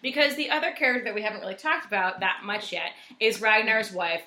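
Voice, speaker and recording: A woman's voice: mid-range voice, fast talker, pushed and bright. A woman co-hosting a casual chat, rambling with many restarts and casual swearing. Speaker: podcast co-host. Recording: echoey room.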